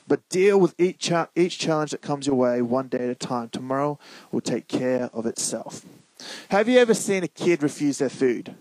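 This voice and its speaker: A man's voice: fairly high pitch, animated, moderate pace, dry recording, poor audio. A man preaching in a casual, conversational way, reading scripture and asking the listeners to call out answers. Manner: conversational, prompts the audience to call out.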